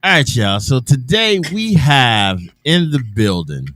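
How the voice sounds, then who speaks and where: A man hosting an afternoon radio show in casual talk, loose and chatty with drawn-out hesitations and restarts. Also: medium pitch, huge pitch swings, fairly bright tone, no echo, clean studio sound. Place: radio studio.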